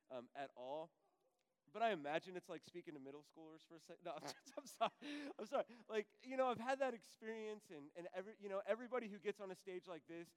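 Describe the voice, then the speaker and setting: A young man preaching a sermon as pastor, telling stories in an animated way with many fillers and restarts. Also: high-pitched, clean tone, rough recording.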